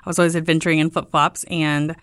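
A woman's voice: fast talker, no room sound, studio quality. A woman talking as a guest in an interview, telling her story in a casual way and acting out the questions people asked her with lifts in her voice. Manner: lively, acts out quoted questions with lifts in pitch. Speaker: guest, travel tour founder.

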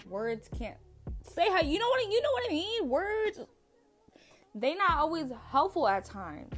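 A young woman hosting her own podcast, talking casually and bluntly with lots of fillers. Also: fairly low pitch. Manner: chatty, blunt, many fillers. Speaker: podcast host. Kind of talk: casual solo podcast talk.

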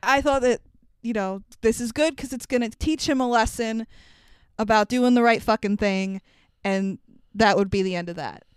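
A woman casually recapping a film with a co-host, animated and swearing, acting out the lines she quotes. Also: on the high side, moderate pace, clean tone, dry recording, clean studio sound.

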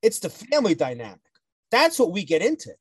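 A man from New Jersey with a Jersey accent, co-hosting a podcast in an animated, joking, argumentative way. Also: sits high, brisk, husky, no echo. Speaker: podcast co-host. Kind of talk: casual podcast chat.

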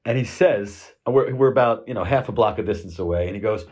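A man's voice: fairly low pitch, fairly quick, a little mellow, husky. A middle-aged man from the United States telling a rambling, casual story full of fillers and swearing. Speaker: vlogger.

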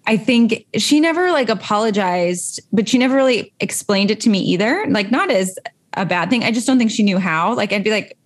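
Emotions and parenting are the focus as a thirtysomething co-host talks earnestly and thoughtfully, using plenty of fillers in a casual chat. She speaks fairly quickly in an expressive, medium-pitched voice.

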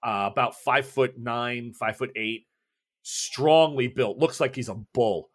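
A man narrating a tabletop role-playing game as game master, casual with quick asides. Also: medium pitch.

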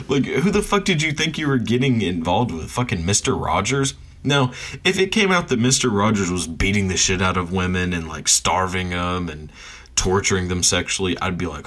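A man's voice: on the low side, very animated, normal speed, fairly bright tone. A man ranting bluntly and profanely in a casual monologue, often laughing between his points. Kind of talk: casual rant.

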